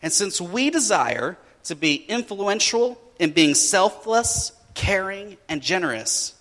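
A bright, slightly high-pitched man preaches a sermon with animated storytelling. He acts out the voices in his story with lively energy. His voice carries a long reverb from a large hall. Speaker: pastor.

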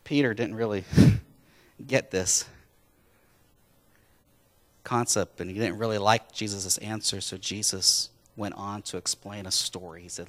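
A man's voice: lowish voice, steady tone, measured pace, bright, forceful tone. A man preaching a sermon, retelling a story in a casual, conversational way. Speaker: pastor.

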